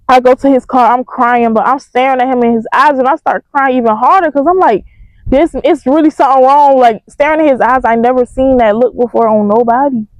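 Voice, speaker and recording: A young woman telling a storytime in a casual, profane, animated way. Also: sits high, no room sound, dull audio. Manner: animated, profane, emphatic retelling.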